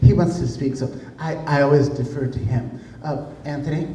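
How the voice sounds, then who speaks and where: A man's voice: on the high side, moderate pace, dark tone, a little hiss or hum, lightly acted. A man imitating a nervous, stammering woman official who prattles on. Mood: flustered. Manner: flustered, stammering. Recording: echoey room, distant mic.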